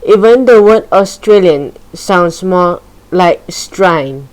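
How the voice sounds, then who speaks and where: Slow, low-voiced female story reader. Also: lively intonation, darkish tone, poor audio. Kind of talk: reading a children's story aloud.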